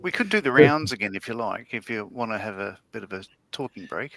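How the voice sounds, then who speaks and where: A man's voice: lowish voice, lively intonation, a little fast, gravelly, over a noisy crowd, low-quality recording. A man on a live-stream panel, chatting easily and reading chat messages aloud. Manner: easygoing, chatty, self-deprecating. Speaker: panel co-host.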